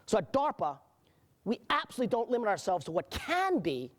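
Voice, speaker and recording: Animated middle-aged American man speaking. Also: sits high. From United States. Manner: earnest storytelling with halting restarts. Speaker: agency director giving a keynote. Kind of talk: conference keynote speech.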